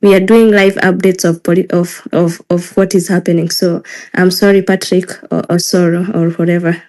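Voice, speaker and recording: A woman's voice: fairly low pitch, little pitch movement, normal speed, a little mellow. Emotional Kenyan woman moderating. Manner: emotional, insistent, mixes Swahili phrases into English. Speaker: moderator of a live audio space. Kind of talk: live online discussion.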